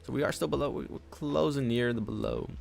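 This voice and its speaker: A man's voice: medium pitch, quick pace, creaky, a little mellow, faint music behind. A man live-streaming his day trading, talking casually and thinking aloud about chart levels, often tossing in "honestly" and "man". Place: at home at his trading desk with his dog on his lap.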